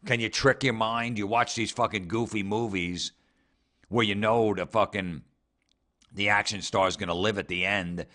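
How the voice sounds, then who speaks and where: A man's voice: fairly low pitch, fairly even intonation, moderate pace, sharp tone. A man hosting a comedy show, ranting sarcastically with heavy swearing and mocking the people he talks about. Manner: sarcastic, mocking, swears heavily, mimics people in put-on voices. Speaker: comedy podcast host. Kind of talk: profane ranting comedy commentary.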